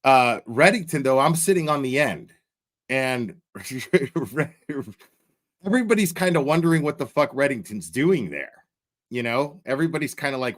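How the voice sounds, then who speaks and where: A man's voice: medium pitch, lively intonation, normal speed. A man telling a story in casual chat, swearing constantly, laughing often and restarting his sentences. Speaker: commentary streamer.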